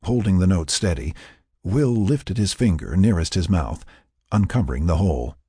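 A man reading a story aloud as narrator, in expressive scripted narration. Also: low-pitched, normal speed, husky, no room sound, studio quality. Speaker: audiobook narrator.

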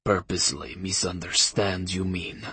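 A man's voice: low voice, level tone, unhurried, bright, forceful tone, husky, no room sound, heavily acted. A man voicing a cold, hostile rabbi who speaks English with a Russian accent, clipped and hissing. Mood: scornful.

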